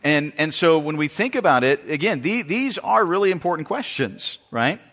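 A man's voice: on the high side, very animated, moderate pace, fairly bright tone. A man preaching a sermon in an earnest way, often restarting phrases and asking the congregation questions. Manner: earnest, repetitive, asks the audience questions. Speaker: pastor. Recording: long hall reverb.

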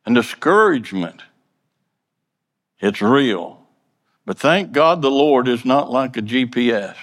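A man's voice: medium pitch, animated, slow, a bit bright, long reverb tail. A man preaching a sermon in a plainspoken, folksy way, earnestly repeating and stumbling over words.

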